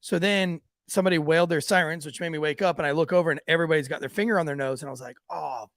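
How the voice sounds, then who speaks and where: A man, a police officer who hosts a podcast, tells a story in a profane, animated way and acts out the voices of the people in it. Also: fairly high pitch, racing, no echo. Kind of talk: casual storytelling. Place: podcast studio.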